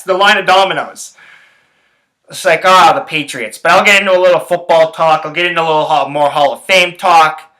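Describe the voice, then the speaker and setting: A man's voice: fairly high pitch, a little fast, pushed and bright, echoey room, rough recording. A man hosting his own podcast, ranting about sports in a rambling, profane, heated way. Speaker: podcast host. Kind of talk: casual sports rant.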